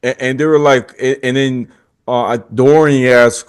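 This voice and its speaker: A man's voice: medium pitch, unhurried. A young man hosting a podcast, telling a story casually, acting out quotes and often laughing. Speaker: podcast host.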